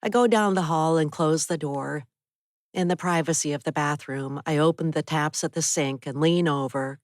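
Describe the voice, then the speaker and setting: A woman narrating a first-person thriller audiobook in a steady, even way on a close studio mic. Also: low-pitched, normal speed, dry recording.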